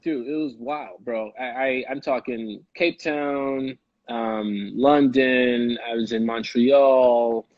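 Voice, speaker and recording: A young man from Chicago, a guest actor telling stories in a casual, animated way and laughing often. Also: medium pitch, slow pace, dry recording, highs cut off. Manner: animated, laughing storyteller who slips into quoted voices. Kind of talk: casual storytelling.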